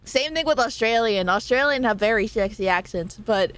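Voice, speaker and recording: A woman's voice: on the high side, lively intonation, moderate pace, a bit bright, clear, resonant tone. A young woman streaming a game, chatting casually with viewers, laughing often and swearing freely. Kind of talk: casual live-stream chat.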